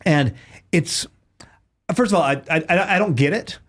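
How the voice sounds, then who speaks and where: Brief: male podcast guest, lively, fairly high voice, quick and animated. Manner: animated, quick, laughs often. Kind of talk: casual podcast chat.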